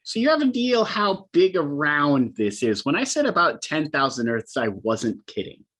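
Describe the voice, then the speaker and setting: A man's voice: fairly high pitch, sing-song, normal speed, fairly bright tone, husky. A man running a tabletop game as game master, narrating loosely with frequent ums and uhs.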